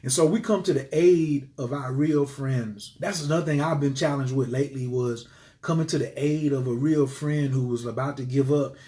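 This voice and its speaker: A man talking casually on a livestream to his viewers, animated and preachy, swearing freely and swinging between loud outbursts and quiet murmurs. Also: medium pitch, moderate pace. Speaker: livestream host. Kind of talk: casual live-stream talk to viewers.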